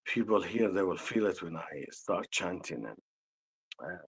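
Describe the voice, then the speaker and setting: A man with an Arabic accent, an energy healer telling a personal story in conversation, slow and halting with frequent restarts. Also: low-pitched, lively intonation, husky, rough recording.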